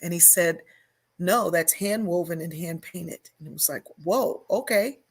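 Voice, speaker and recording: Older woman, lowish voice, storytelling guest, acts out voices. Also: measured pace, breathy edge. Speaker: guest, sociologist and author. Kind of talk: storytelling interview talk.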